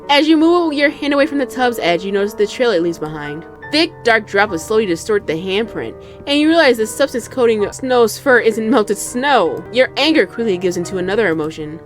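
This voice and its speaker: A young woman hosting a gaming channel, reading a visual novel aloud with dramatic narration and loud, cursing outbursts. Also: a little high, expressive, moderate pace, few pauses, soft background music.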